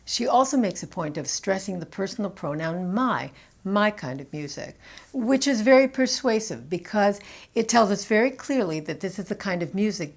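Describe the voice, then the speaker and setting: A woman with a Canadian accent teaching an English pronunciation lesson, explaining clearly and stressing key words. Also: mid-range voice. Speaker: pronunciation coach.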